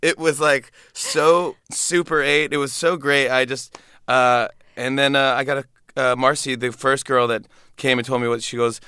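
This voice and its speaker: A man's voice: mid-range voice, moderate pace, clean tone, no room sound. A man, a comedian and guest, telling stories animatedly with frequent stammers and restarts. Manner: animated, stammering storyteller who breaks into voices. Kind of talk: casual anecdote in an interview.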